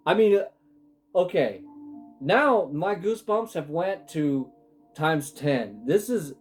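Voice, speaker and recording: Faint music plays behind a man whose voice is on the high side, animated yet slow-paced. He's a tarot reader and an adult with sons, giving a casual spiritual reading that's emotional, rambling and full of self-interruptions.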